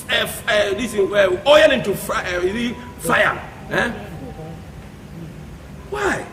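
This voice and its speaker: A Ghanaian man, a pastor, preaching with passion, swinging between hushed pleading and sudden shouts. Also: high voice, sing-song, unhurried, long pauses, echoey room, long reverb tail, slight background noise. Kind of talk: preaching commentary.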